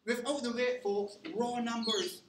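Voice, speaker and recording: A man's voice: very high voice, flat delivery, unhurried, background noise. A male lecturer teaching a class in an interactive way, often stopping to check whether the students are following. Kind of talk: university lecture. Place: lecture hall. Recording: echoey lecture hall recording.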